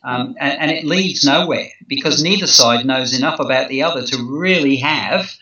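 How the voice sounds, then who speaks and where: A man's voice: medium pitch, normal speed, pushed and bright. A man in an interview explaining negotiation at length, talking thoughtfully with many fillers, restarts and repeated words. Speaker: negotiation expert guest. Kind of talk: conversational interview. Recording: roomy, distant, muffled sound.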